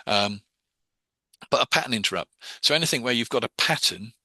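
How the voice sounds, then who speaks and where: A man teaching hypnosis in a casual online class, talking conversationally with quick asides over a video call. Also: mid-range voice, lively intonation, sharp tone, dry recording.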